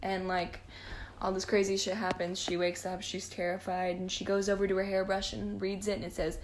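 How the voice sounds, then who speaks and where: A woman's voice: medium pitch, completely flat delivery, brisk, slight background noise. A young woman recapping a movie casually, sarcastic, profane and rambling. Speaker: vlogger.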